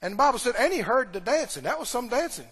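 High-voiced preacher in a reverberant hall. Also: male voice, big pitch swings, fast, breathy edge. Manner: storytelling, acts out quoted characters, shifts between loud and hushed. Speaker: pastor. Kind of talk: sermon.

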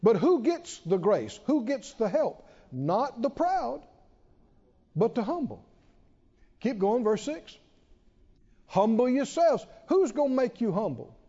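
A man preaching a sermon, emphatic, asking many rhetorical questions and pausing for effect. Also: very high-pitched, big pitch swings, dark tone, husky. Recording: dull reverberant hall sound.

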